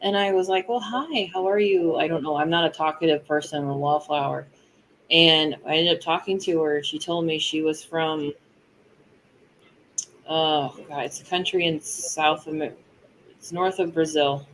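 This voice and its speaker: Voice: medium pitch, fairly even intonation, normal speed, fairly bright tone, slight background noise, low-quality recording. A co-host in a casual live chat, chatty, often laughing and losing the thread mid-thought.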